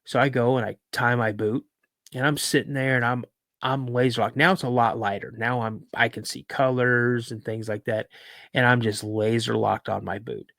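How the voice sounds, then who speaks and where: Male podcast guest, lively storyteller, mid-pitched, dry close mic. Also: moderate pace, creaky, no room sound. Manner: lively storyteller, repeats words for emphasis. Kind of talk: recounting a personal encounter story.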